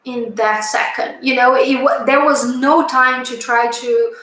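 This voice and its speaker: A woman's voice: fairly high pitch, steady tone, measured pace, fairly bright tone. Woman telling her story, lots of ums and restarts, very echoey room. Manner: hesitant, lots of fillers and restarts, earnest. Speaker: channel host recounting a past-life memory. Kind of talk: casual storytelling.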